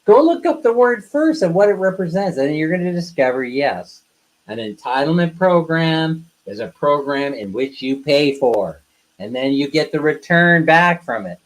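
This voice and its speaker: A man's voice: fairly high pitch, big pitch swings, normal speed, rough recording. A man talking casually on a live stream, bluntly ranting at his viewers and then teasing them playfully. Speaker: live streamer, co-host of a couple's channel.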